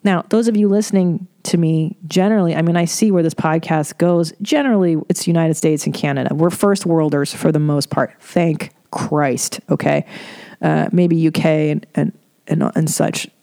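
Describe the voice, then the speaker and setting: A woman's voice: low voice, fairly even intonation, normal speed, creaky, warm tone. A middle-aged woman hosting a podcast, talking in a candid, rambling way and swearing freely. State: tearful. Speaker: podcast host. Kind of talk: casual monologue.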